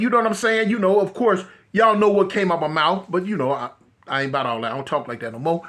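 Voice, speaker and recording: A man vlogging a casual street story in a slangy, animated way, talking straight to his viewers. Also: high-pitched, fast talker.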